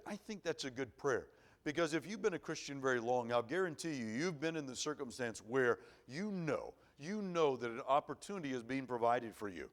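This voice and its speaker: A man's voice: mid-range voice, lively intonation, brisk. Earnest storytelling preacher man. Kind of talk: sermon. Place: church auditorium.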